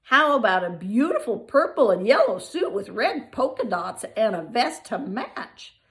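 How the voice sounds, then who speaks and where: A woman's voice: medium pitch, lively intonation, normal speed, darkish tone, close to an everyday voice. An older woman voicing a playful, word-mangling junior tailor's helper in a storybook reading. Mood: silly.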